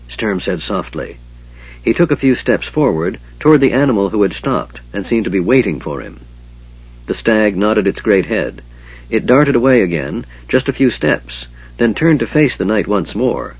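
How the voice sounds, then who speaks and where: A man narrating a fantasy story in a measured storytelling way, with a husky voice. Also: deep voice, expressive, muffled recording. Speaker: audiobook narrator.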